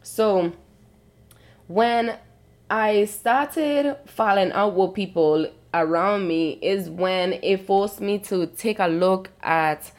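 A woman's voice: medium pitch, takes it slowly. A woman hosting her own podcast, talking through personal experiences in a casual, candid, self-reflective monologue, often checking in with "you know what I'm saying". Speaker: podcast host.

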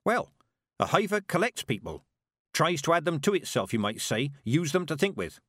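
A man voicing a stern, sharp-tongued old woman witch who speaks in curt, commanding tones. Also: on the high side, very animated, moderate pace, dry recording, studio quality, voice pushed up.

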